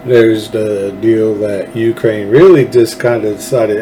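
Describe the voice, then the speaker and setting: A Texan man delivers a rambling, fervent political monologue in an unhurried, drawn-out way, often stopping to restart his sentences. A faint hiss of background noise sits under his voice. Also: lowish voice, fairly even intonation. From Texas. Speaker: show host.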